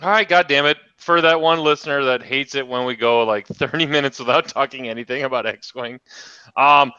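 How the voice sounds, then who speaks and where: Man podcast host, bright lively voice, joking, dry slightly dull audio. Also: medium pitch, normal speed, clear, resonant tone, no room sound. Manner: joking, excitable, swears freely. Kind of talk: casual podcast chat.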